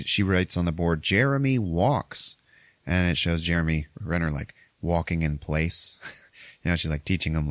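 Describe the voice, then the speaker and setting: A man hosting a podcast, casually retelling a film's scenes, swearing freely and slipping into quick voices for the characters. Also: low-pitched, no room sound. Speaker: podcast host. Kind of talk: casual movie recap.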